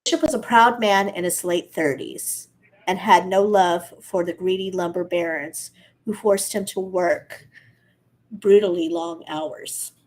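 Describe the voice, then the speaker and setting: Woman, casual story reading, middle pitch, steady, self-corrections. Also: unhurried, low-quality recording. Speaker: podcast co-host reading a story. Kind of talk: casual storytelling read-aloud.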